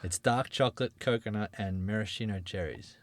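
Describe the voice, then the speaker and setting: Man, lowish voice, casual podcast banter, rambling, self-mocking. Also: fairly quick. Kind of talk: casual chat.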